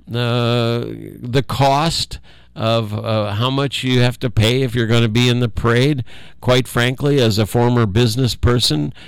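An older man giving a rambling, folksy local monologue, halting with many fillers and frequent chuckles. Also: fairly low pitch, clean tone, dry recording.

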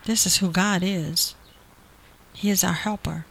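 A woman's voice: on the low side, fairly even intonation, measured pace, gravelly, slight background noise. A woman preaching a sermon, earnest and repetitive, building emphasis through quoted promises.

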